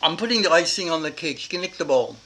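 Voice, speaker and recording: A man voicing his brisk, kindly mother who scolds and then soothes. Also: low voice, animated, fairly bright tone, slight background noise, pitched above the performer's own voice, rough recording. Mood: soothing. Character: brisk Irish mother, older woman, kindly.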